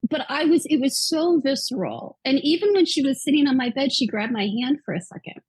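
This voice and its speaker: A woman's voice: high-pitched, expressive, a little fast, darkish tone, no echo, rough recording. A woman in her fifties, a guest author, earnestly retelling a personal story with quoted dialogue. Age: 50s.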